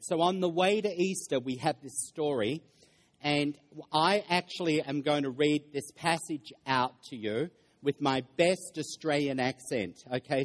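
Middle-aged guy preaching, kinda high voice, jokey, keeps quizzing the crowd. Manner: lively, jokey, questions the congregation. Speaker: pastor. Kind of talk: interactive sermon. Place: church hall.

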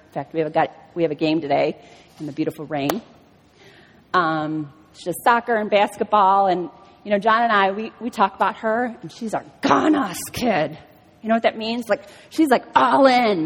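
A middle-aged woman giving a personal testimony sermon at a church, telling stories and acting out the voices in them. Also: medium pitch. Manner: animated storytelling, acts out quotes. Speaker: speaker at a church service. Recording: reverberant hall.

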